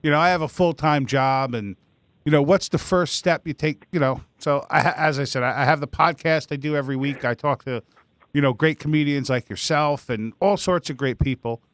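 A man hosting a podcast asks long, rambling questions packed with "you know"s. His voice sits a little high for a man, recorded close and dry with no room sound. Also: brisk, fairly bright tone, no room sound. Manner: rambling, filler-heavy questions. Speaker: podcast host. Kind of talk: casual podcast chat.

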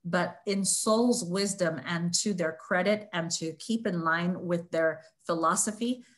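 Emotional lower-voiced woman host. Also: measured pace. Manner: emotional, gushing. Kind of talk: webinar testimonial and product talk.

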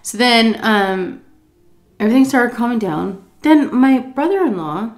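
Animated profane woman telling a story. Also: a little slow, reverberant. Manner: animated, profane, acts out quotes in a high voice. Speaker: YouTube storyteller. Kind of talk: casual storytime while eating. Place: home, indoors.

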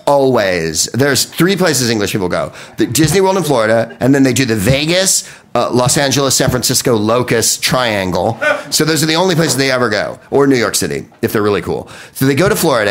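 An American man delivering a profane comedic monologue on a podcast, riffing with quick impressions. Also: mid-range voice, a bit bright. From United States.

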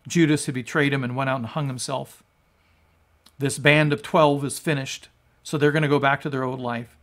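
A male pastor giving a sermon and reading scripture, emphatic and rising to loud peaks on quoted lines. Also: medium pitch, steady tone, moderate pace. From United States.

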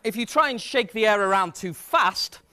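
A man gives a comic science demonstration to a live audience. His voice sits high and swoops about, and he talks in an energetic, self-mocking way. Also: normal speed. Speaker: science presenter. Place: stage before a live audience.

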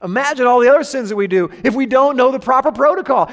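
A man's voice: very high-pitched, fast, hardly any pauses, a bit bright. A man preaching a sermon to a congregation, joking with them and drawing amens and laughter. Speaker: pastor. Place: church hall with congregation. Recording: echoey hall reverb.

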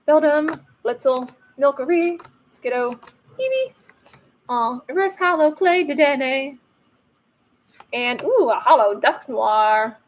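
A playful woman with a fairly high voice chats casually as she opens card packs. Her commentary is loose and joking. A faint hiss sits under her voice. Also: low-quality recording. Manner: chatty and playful, jokes about the cards. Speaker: host of a card-opening channel.

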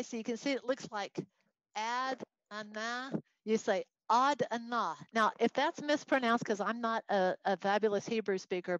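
A woman teaching a Bible study in an expressive, conversational way, reading scripture aloud and explaining it. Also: on the high side, no room sound, lo-fi sound.

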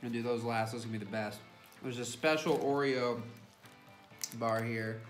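A man's voice: medium pitch, steady tone, moderate pace. A man co-hosting a casual snack unboxing, reading product blurbs and fun facts aloud. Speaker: co-host. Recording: echoey room with music.

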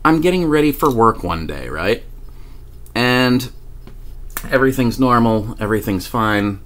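A man vlogger telling a personal story in a casual, animated way, swearing freely and laughing often. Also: mid-range voice, unhurried, a little hiss or hum.

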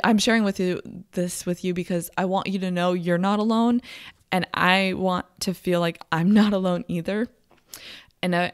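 A young woman hosts a personal podcast, speaking with open, confiding emotion and frequent halting restarts. Her voice sits a little low for a woman. The recording is close and dry, with no room sound around her. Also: clear, resonant tone, dry recording. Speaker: podcast host and coach. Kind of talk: candid personal podcast monologue.

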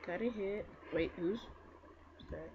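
A woman giving casual let's-play commentary on her own game, excitable and trash-talking. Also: medium pitch, muffled recording. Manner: excitable, trash-talking, quick to get frustrated. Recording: loud noise and mouse clicks behind.

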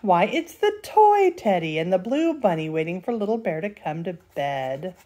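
An older woman, a grandmother, reading a bedtime storybook aloud in a lively, playful way. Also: on the low side, moderate pace. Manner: lively, playful, does character voices.

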